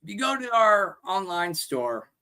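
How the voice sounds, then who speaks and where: A male show host ranting with lots of swearing and pitching merchandise, loud and blunt. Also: big pitch swings, a little slow, clean tone. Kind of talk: profane rant and merch pitch.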